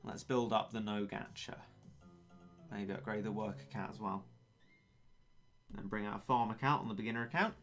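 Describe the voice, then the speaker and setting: Late-teen male streamer, wry and chatty, sharp bright voice. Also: fairly low pitch, moderate pace, long pauses, faint music behind. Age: late teens. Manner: chatty, wry and self-mocking. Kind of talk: casual gaming stream chat.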